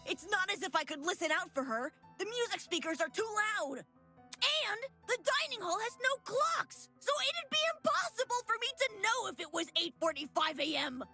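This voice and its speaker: Shrill panicky girl suspect. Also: expressive, moderate pace, sharp tone, soft background music, full character voice. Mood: defensive. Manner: shrill, agitated, accusing.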